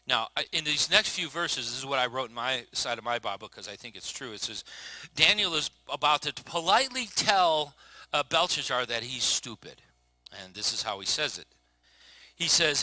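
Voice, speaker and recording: A middle-aged man preaching a casual, joking sermon as pastor, swinging between low murmurs and loud outbursts. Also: animated, a little fast, dry recording.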